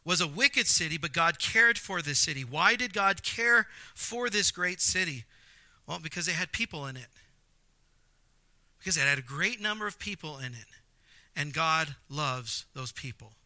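Animated man preaching with a bright voice. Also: on the high side, moderate pace, dry recording. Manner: animated, jokey asides, emphatic repetition. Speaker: pastor. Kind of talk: sermon.

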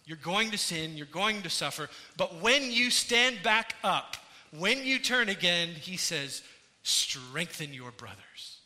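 Earnest high-voiced man preaching. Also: animated, slow, sharp tone. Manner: earnest preaching, rising and falling in intensity. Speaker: pastor. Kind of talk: sermon. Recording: church hall with long reverb.

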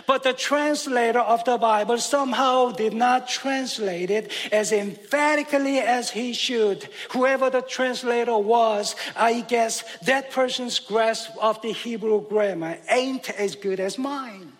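A man's voice: extremely high pitch, unhurried, few pauses. A male pastor preaching a sermon, emphatic and joking, chuckling at his own humor. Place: church sanctuary. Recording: long church reverb.

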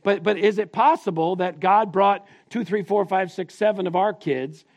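A middle-aged male pastor preaching to families with a somewhat high voice. He leads the congregation in call-and-response repetition, in a plain-spoken, teaching way with the odd restart. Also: normal speed. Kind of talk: family sermon.

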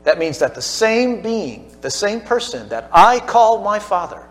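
A man preaching a sermon to a church congregation, building to emphatic peaks and dropping to hushed asides. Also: high voice, very animated, unhurried. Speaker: pastor.

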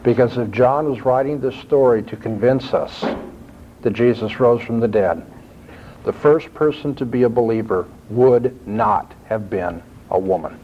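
A man preaching a sermon, quoting scripture and climbing in pitch to stress his points. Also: unhurried, a little hiss or hum. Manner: expressive, rising emphasis when quoting scripture. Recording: dull lo-fi recording.

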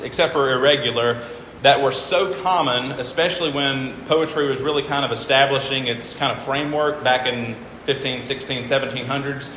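A man's voice: mid-range voice, pushed and bright, echoey room, big-room sound, slight background noise, poor audio. A man teaching a class, patiently walking through examples and counting syllables aloud. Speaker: teacher explaining hymn meters. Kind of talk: informal classroom lecture.

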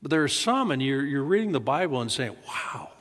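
This pastor preaches quickly at a medium pitch, his sermon echoing through a large hall in the church sanctuary. His delivery is easygoing and conversational, with frequent repeated words and quoted lines performed in a rising tone.

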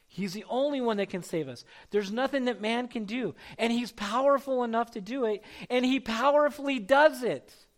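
A man's voice: extremely high pitch, normal speed. A man preaching a sermon as pastor, reading scripture and building to emphatic calls to his congregation. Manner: preaching with rising intensity, calling out names.

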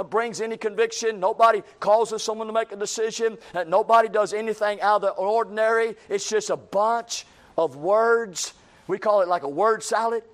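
A man's voice: sits high, fairly bright tone. A man preaching a sermon in a folksy, emphatic way, repeating phrases and quoting imagined critics.

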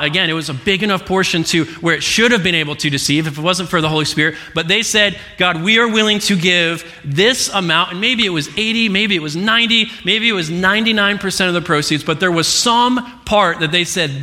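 A man in his twenties preaching a sermon, telling a personal story in an earnest way with halting restarts. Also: high-pitched, pushed and bright, big-room sound. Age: 20s.

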